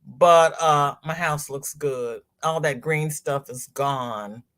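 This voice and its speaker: Her voice sits low and is fairly bright, and she speaks at a slow pace. A middle-aged woman at home, she hosts a laid-back livestream, chatting and reading viewer comments aloud with exclamations and laughs.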